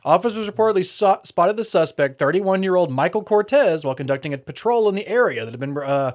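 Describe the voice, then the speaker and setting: A man's voice: high-pitched, lively intonation, fast. A man co-hosting a casual podcast, joking and laughing often as he reads news stories aloud with frequent stumbles and restarts. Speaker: podcast co-host.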